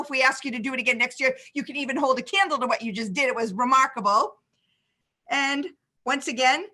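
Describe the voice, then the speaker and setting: Woman event organizer, high bright voice, gushing thanks to sponsors over a video call. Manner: effusive, enthusiastic thanks.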